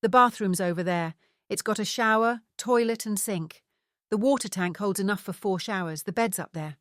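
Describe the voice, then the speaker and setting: A man's voice: sits high, moderate pace, fairly bright tone, no echo, clean studio sound. A woman doing a hearty Scottish dad in his seventies. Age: 70s. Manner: cheerful, hearty. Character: big older Scottish father, jovial.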